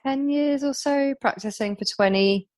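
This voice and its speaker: A woman's voice: high-pitched, moderate pace, a little mellow. A woman of about forty with an English accent, chatting casually as a guest, brash, laughing often and swearing freely. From England. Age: 40s. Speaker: guest, yoga teacher. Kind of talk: casual chat.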